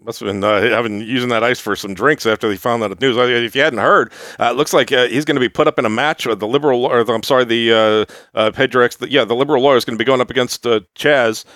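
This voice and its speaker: A man's voice: medium pitch, fairly even intonation, quick pace, hardly any pauses, a bit bright, no room sound, clean studio sound. A man hosting a comedic commentary show, laid-back, laughing often between loose remarks. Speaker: host.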